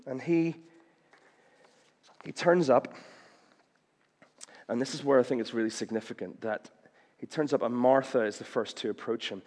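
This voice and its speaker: A man's voice: normal speed, pauses often, a little mellow, in a large hall. A man preaching a sermon, impassioned, acting out quoted cries as his voice rises. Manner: impassioned, acts out quoted cries with rising pitch.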